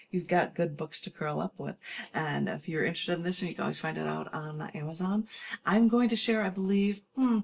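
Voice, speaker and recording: A woman's voice: low voice, creaky, darkish tone, husky. A woman poet reading her poems on a radio show, talking casually between them and plugging her books.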